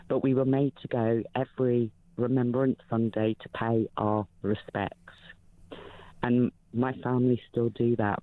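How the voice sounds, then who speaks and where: A woman in her fifties calling in to a talk show, speaking emotionally and haltingly with many fillers. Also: rumbling low, no echo. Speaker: caller. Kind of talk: phone-in call. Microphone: telephone. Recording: tinny phone line.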